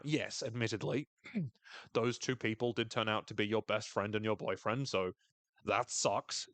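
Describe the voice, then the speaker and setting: Wry male podcast co-host, lowish voice, dry close sound. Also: fairly bright tone, no echo. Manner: dry, wry humor, reads quotes in a voice. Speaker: podcast co-host recapping a TV episode. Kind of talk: casual podcast recap.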